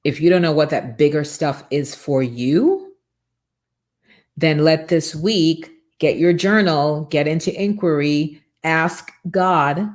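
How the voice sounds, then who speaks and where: A woman with a notably low voice gives a faith-based motivational talk as a morning show host. She speaks with fervor and a preachy drive, piling up rhetorical questions and repeated words. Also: slow pace.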